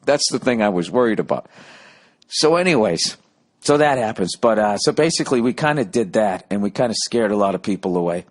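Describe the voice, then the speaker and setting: Low-voiced man ranting a comic story. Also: expressive, brisk. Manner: ranting, sarcastic, heavy swearing, acts out both sides of arguments. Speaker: podcast host. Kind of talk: profane comic storytelling monologue.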